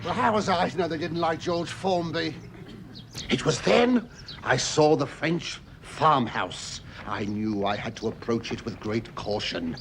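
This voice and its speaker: A man's voice: fairly high pitch, animated, unhurried, vocal fry. A middle-aged English man doing a camp, gossipy comic monologue, full of stammering restarts and cries of "oh, yes". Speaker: comedian. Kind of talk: stand-up comic monologue to a studio audience. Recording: live studio audience laughter, loud noise.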